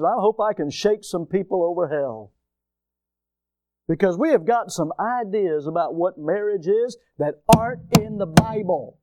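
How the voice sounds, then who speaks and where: A male pastor delivers an emphatic sermon in a high voice. He swings between rising shouts and sudden quiet drops. The sound is dry and close. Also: no echo.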